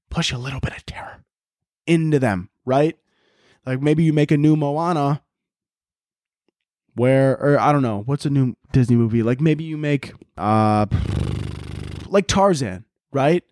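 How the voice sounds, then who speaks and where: A man's voice: mid-range voice, darkish tone, no echo, studio quality. A man hosting a comedy podcast, delivering a profane, exasperated comedic rant. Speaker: podcast host. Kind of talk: ranting comedic monologue.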